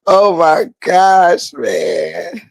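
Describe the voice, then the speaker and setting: Laughing man with a gravelly voice. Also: high-pitched, steady tone, very slow, dry recording. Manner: laughing hard, crying with laughter, drawling Southern slang. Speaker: host. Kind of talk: casual recap to viewers.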